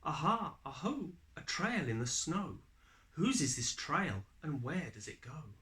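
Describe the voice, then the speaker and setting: A man voicing a small, curious and brave young female gruffalo in a storybook reading, asking eager sing-song questions. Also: fairly high pitch, big pitch swings, measured pace, sharp tone, full character voice. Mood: inquisitive.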